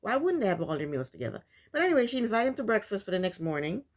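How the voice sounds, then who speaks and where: A woman talks straight at her viewers, recapping a reality show with exasperation. Her voice sits in an ordinary middle pitch, and she rants loosely, stumbling over restarts as she goes. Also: sing-song, racing. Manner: exasperated, opinionated ranting; loose, full of restarts and fillers. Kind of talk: casual commentary.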